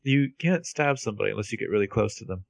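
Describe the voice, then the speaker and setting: A man's voice: on the low side, animated, fast, vocal fry, no room sound. Jokey man narrating the plot, dry sound. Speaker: podcast co-host. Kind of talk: casual recap chat.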